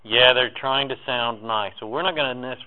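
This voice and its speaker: A man guides a group through a spiritual talk, building phrase on phrase in an incantatory, repetitive rhythm that rises into emphatic swells. His voice sits at an ordinary middle pitch. The recording is thin and tinny, like a phone line. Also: normal speed. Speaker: spiritual workshop leader.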